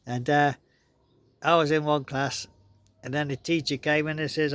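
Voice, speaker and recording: A man's voice: fairly high pitch, level tone, moderate pace, a bit bright, clean tone, no room sound. A man casually telling childhood stories to his viewers, rambling and chuckling often. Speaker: vlogger. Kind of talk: casual storytelling.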